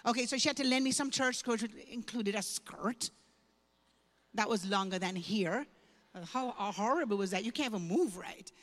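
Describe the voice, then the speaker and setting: Woman pastor from Jamaica, higher voice, lively storytelling testimony, long hall reverb. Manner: animated, humorous, emotional storytelling. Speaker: pastor giving her testimony. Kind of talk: sermon testimony told as a story. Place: large church hall at a women's event.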